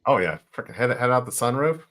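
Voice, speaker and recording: A man co-hosts a casual livestream and gives blunt, plainspoken advice. His voice is mid-pitched and even. He talks in a relaxed, conversational way. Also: quick pace. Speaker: livestream co-host.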